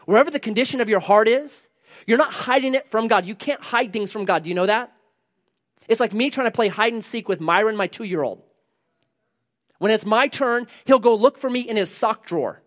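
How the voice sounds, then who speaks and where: A man preaching a sermon, animated, swinging between loud emphasis and hushed lines and asking the congregation questions. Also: sits high, brisk. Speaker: pastor.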